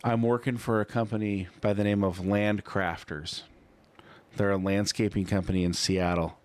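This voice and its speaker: A man with a lowish voice talks casually into a studio mic, co-hosting a podcast. He tells his story in a loose, rambling way, piling on "you know" and reenacting what he said. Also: fairly even intonation, moderate pace. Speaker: podcast co-host.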